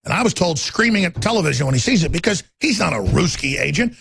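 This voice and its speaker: A middle-aged male talk radio host in full heated rant, stumbling over repeated words as he pushes on. His voice is gravelly and husky, sitting a little high, and the studio sound is dry and close. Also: very animated, fast, a bit bright, dry recording. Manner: ranting, repeats words, acts out quotes in raised voices. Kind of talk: heated political monologue.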